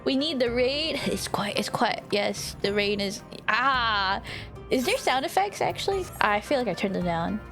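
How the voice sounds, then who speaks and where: A woman's voice: a little high, lively intonation, a little slow, fairly bright tone, faint music behind. A woman streamer chatting casually with her viewers while playing a game, giggling often and swearing now and then. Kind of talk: casual livestream chat while gaming.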